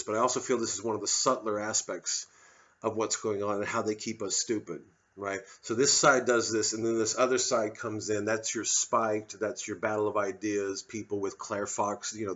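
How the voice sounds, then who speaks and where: A male comedian with a fairly low, slightly bright voice delivers an angry, sardonic, profane rant in his solo show. The ranting monologue comes through on slightly dull, somewhat muffled lo-fi audio.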